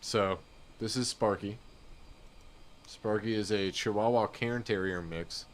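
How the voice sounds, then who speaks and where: Chill streamer dude, lowish voice, rambly casual chat, faint hiss. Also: male voice, slow. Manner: laid-back, rambling, says "dude" and "you know what I mean". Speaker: flight sim streamer.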